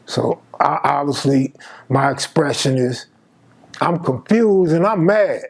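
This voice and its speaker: A man's voice: a little high, takes it slowly, vocal fry, breathy edge. A man in his fifties from Los Angeles telling a personal story in casual, slangy street talk, acting out the dialogue. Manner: slangy, animated, acts out dialogue. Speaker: storyteller host.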